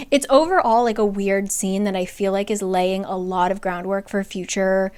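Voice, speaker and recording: A woman's voice: medium pitch, fairly even intonation, moderate pace, few pauses, darkish tone, smooth. A woman casually recapping a fantasy novel plot, chatty, full of "like" and the odd curse. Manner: chatty, frequent "like", profane. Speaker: book recap creator.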